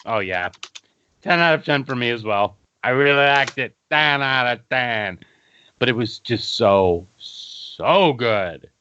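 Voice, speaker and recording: A man's voice: mid-range voice, animated, slow, bright, forceful tone, clear, resonant tone, no echo. A laid-back, jokey man chatting as co-reviewer of a cartoon episode. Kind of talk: casual review chat. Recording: dull, dry lo-fi mic.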